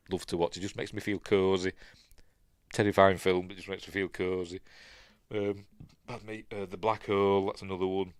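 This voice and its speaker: A man's voice: deep voice, no room sound, clean studio sound. An older man with a Yorkshire accent, hosting a podcast in casual rambling chat, laughing often and trailing off as he looks things up. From Yorkshire, England. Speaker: podcast host.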